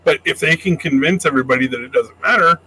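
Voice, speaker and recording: A man's voice: a little high, fast talker, pushed and bright, slight background noise, poor audio. A man co-hosting a casual livestream discussion, laying out his reasoning in an explanatory way. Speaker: stream co-host.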